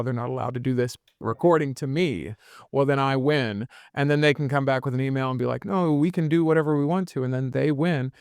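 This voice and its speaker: Male podcast host, 40s, gravelly but clear, earnest storyteller. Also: mid-range voice, no room sound, studio quality. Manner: earnest storytelling, acts out quoted voices. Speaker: podcast host and business consultant. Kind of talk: reflective podcast conversation. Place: his home.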